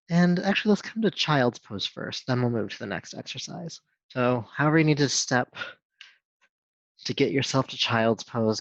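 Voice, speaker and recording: A man teaching a yoga class, giving calm, steady cues with soft hums between poses. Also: mid-range voice, no room sound. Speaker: yoga instructor. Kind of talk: guided yoga class instruction. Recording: dull, dry sound.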